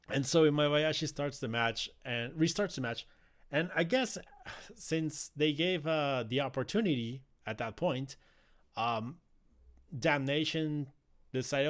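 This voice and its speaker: This man hosts a wrestling podcast and talks through a recent show in a relaxed, meandering way. His voice sits in the mid range at a moderate pace, full of fillers and restarts, with ready laughter.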